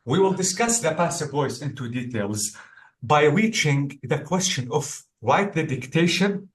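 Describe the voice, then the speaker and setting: A man's voice: a little high, animated, a little slow. A male English exam tutor teaching one-on-one, explaining step by step and often checking in with "okay?".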